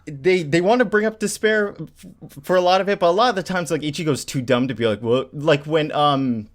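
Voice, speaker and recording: A man co-hosting a casual podcast, recapping a story and acting out characters' lines in quick bursts. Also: a little high. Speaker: podcast co-host. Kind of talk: casual chat recapping a manga.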